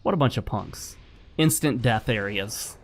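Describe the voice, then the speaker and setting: A man's voice: mid-range voice, lively intonation, a little slow. Male gaming host, mid-range voice, lecturing and repetitive commentary over live play. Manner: lecturing, repetitive, talks while playing. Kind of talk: casual gameplay commentary.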